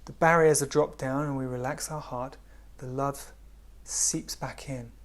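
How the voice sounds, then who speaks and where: A man giving a spiritual talk in a gentle, unhurried way, often dropping to a hush. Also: medium pitch, fairly even intonation. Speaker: spiritual teacher.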